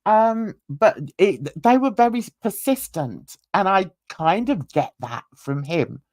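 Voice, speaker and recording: A woman's voice: mid-range voice, big pitch swings, slow pace, a little mellow, no echo, studio quality. A middle-aged woman hosting a livestream panel, chatting in a rambling way with many fillers. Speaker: livestream host. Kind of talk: casual panel chat.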